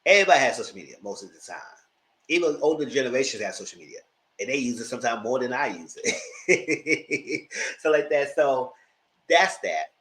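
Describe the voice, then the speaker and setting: A brisk man on a low-quality recording reviews a reality TV episode in a casual, dramatic recap. He's an animated storyteller who laughs a lot and delivers acted-out quotes in high-pitched bursts.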